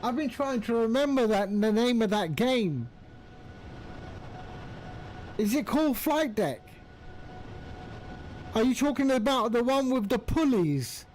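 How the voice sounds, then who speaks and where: A man's voice: very high voice, very animated, unhurried, darkish tone, a little hiss or hum, rough recording. A man chatting casually on a live stream, greeting viewers by name while he flies. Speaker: flight-sim streamer.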